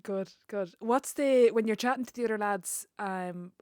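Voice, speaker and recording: A woman's voice: medium pitch, normal speed, darkish tone, no room sound. Chatty woman podcast host, dry sound. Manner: friendly, chatty questioning. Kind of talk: casual podcast interview.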